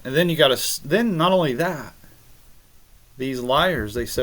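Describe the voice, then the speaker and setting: A man giving a rambling, halting monologue on scripture, arguing with critics he addresses directly. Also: medium pitch, lively intonation, fairly bright tone. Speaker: religious video maker.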